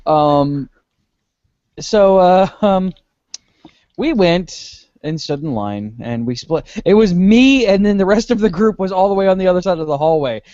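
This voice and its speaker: A man hosting a podcast, telling a convention story in a lively way, acting out the lines of the people in it. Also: high voice, measured pace, no echo, dull audio. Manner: animated storyteller acting out dialogue, laughing often. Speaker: podcast host. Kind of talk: casual anecdote telling.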